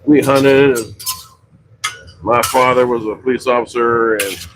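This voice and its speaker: A middle-aged man from western Pennsylvania rambles through a story about his pizza shop. He talks at an ordinary mid pitch, stopping often to correct himself with fillers. A faint hum of ambience sits behind him. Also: measured pace. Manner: rambling, self-correcting anecdotes with many fillers. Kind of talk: casual storytelling on a livestream.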